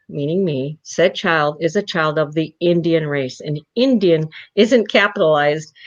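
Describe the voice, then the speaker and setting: A woman from South Dakota, a guest on an interview show, telling a personal story and acting out the voices of the people in it. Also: low voice. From South Dakota, Rosebud Reservation. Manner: animated storyteller who acts out the voices in her anecdotes. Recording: muffled lo-fi audio.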